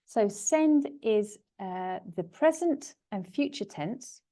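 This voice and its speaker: A woman's voice: mid-range voice, lively intonation, slow, warm tone. A woman teaching English pronunciation in a webinar, explaining patiently and overpronouncing example words over a computer mic. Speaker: language teacher. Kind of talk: webinar lesson.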